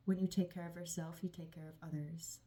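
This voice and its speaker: A woman's voice: lowish voice, dark tone, a little hiss or hum. A woman giving a channeled tarot reading, affirming and gushing, with frequent sighs. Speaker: tarot reader.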